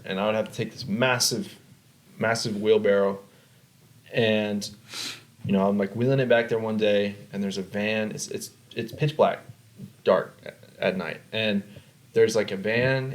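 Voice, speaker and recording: A young man hosting a podcast, telling a story in casual chat, animated, repeating himself and swearing. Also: lowish voice, poor audio. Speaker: podcast host.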